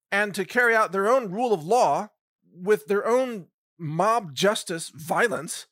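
High, bright-voiced sarcastic male commentator. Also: dry recording, clean studio sound. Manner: sarcastic, rhetorical questions, chuckling. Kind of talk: solo commentary monologue.

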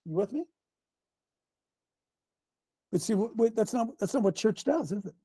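A man preaching a fiery sermon, folksy and combative, with slang and sudden shouts. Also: high voice, expressive, normal speed, long pauses, no echo. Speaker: pastor.

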